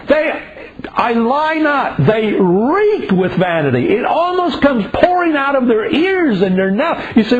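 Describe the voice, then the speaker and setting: An older man preaches in a high, lively voice that leaps up and down as he mocks the people who criticize him. His talk is informal and biting, and the recording sounds dull and lo-fi. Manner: animated, sarcastic, acts out mocking voices of critics. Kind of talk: informal sermon to a small gathering.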